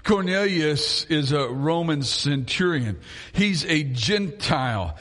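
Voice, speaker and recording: A man preaching a sermon as a pastor, telling the story in an animated way and chuckling often. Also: a little high, slow. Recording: long hall reverb.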